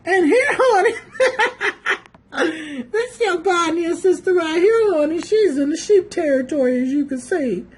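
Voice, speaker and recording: A woman talks through pictures in a sassy, teasing way, calling her viewers "boo" and "honey". Her voice is high and she takes her time, dragging out her words. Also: lively intonation, a little slow, darkish tone. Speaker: video commentator. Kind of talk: casual mocking commentary.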